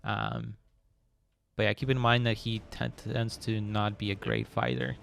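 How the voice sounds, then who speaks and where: A man's voice: fairly low pitch, very animated, creaky, a bit bright, a little hiss or hum. A man acting as game master, narrating and explaining rules with many fillers and frequent laughs. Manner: laughs often, halting fillers. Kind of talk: running a tabletop game.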